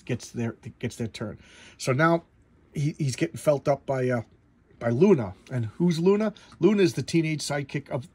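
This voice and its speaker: A man's voice: mid-range voice, a little mellow, slightly rough. A man giving casual comic book commentary, rambling with stumbling restarts and blunt opinions.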